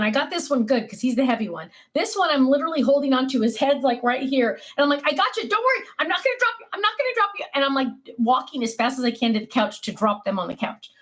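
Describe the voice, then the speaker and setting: An older woman chats to viewers on her crafting livestream. Her voice sits a little high, and she tells family stories in a lively, animated way. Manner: chatty, animated storytelling with laughs. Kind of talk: casual chat to viewers.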